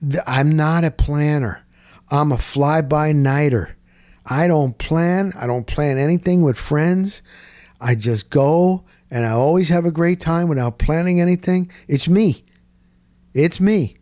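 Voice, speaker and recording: A middle-aged man, telling a rambling story in casual chat, dropping "boom" into his sentences. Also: measured pace, dry recording. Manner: animated, punctuates with "boom". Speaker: sports radio co-host.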